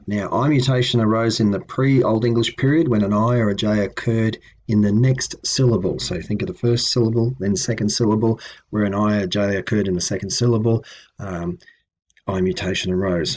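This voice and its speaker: Male teacher, low husky voice, methodical lecture delivery with frequent ums. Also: darkish tone. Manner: patient, methodical, with frequent ums and self-corrections. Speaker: language teacher. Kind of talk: explanatory lecture.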